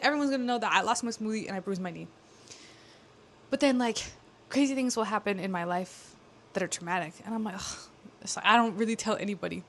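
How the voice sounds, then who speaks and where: A woman's voice: mid-range voice, a little hiss or hum. Candid young woman rambling casually. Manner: rambling, candid, lots of "like" fillers. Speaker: vlogger. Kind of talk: casual confessional vlog.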